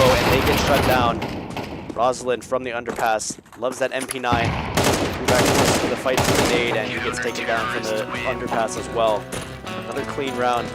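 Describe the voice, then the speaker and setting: A man's voice: medium pitch, a little fast, loud music behind the voice. Young man calling esports play-by-play. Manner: energetic, voice climbing on big plays. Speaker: esports caster. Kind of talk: solo play-by-play commentary. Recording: game gunfire loud under voice. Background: game sound effects and gunfire.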